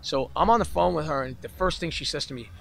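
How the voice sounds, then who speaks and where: A man's voice: on the high side, quick pace, vocal fry, slight background noise. A man, a podcast guest, tells a long story in a casual interview and acts out the voices of the people in it. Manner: animated storyteller who acts out the voices in his anecdotes. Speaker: podcast guest, keyboard player. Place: festival grounds, outdoors or backstage.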